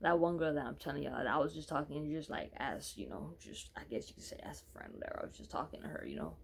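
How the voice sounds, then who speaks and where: A man's voice: on the high side, sing-song, fast, gravelly, husky. A man telling a personal story in a casual, rambling way, correcting himself often and swearing freely.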